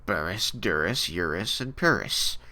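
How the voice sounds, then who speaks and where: Deep bright-toned man chiming in. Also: animated, measured pace. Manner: brief interjections and quips. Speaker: podcast co-host. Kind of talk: casual chat.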